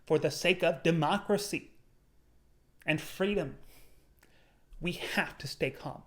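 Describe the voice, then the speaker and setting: A young man giving an earnest, measured motivational talk on his video channel, slowing down on key words. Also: a little high, fairly bright tone. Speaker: YouTuber. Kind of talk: motivational vlog monologue.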